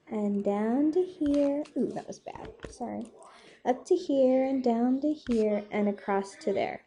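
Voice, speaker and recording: Young female math tutor, warm and mellow, casual and self-deprecating, keeps asking "okay?". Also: on the high side. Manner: chatty, self-deprecating, asks "okay?" often. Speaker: math teacher. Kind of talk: casual whiteboard math lesson.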